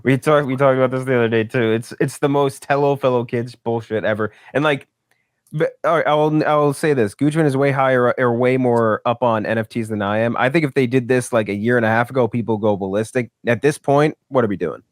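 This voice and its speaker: A man's voice: medium pitch, steady tone, a little fast, dry recording, clean studio sound. A young man co-hosting a movie podcast, rambling and cursing in casual exasperated chat. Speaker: podcast co-host.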